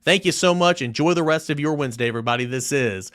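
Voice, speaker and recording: A man's voice: fairly high pitch, fast, a bit bright. A young man hosting a solo sports podcast, talking emphatically and reading quoted passages aloud with rising force.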